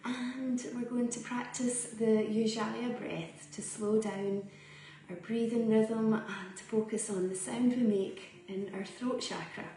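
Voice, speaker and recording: A woman guiding a yoga and breathing practice, speaking slowly and soothingly with long pauses between cues. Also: fairly high pitch. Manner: slow, calm, soothing guidance with long pauses. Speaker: yoga teacher. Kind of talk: guided yoga and breathing instruction. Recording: roomy echo, voice from a distance.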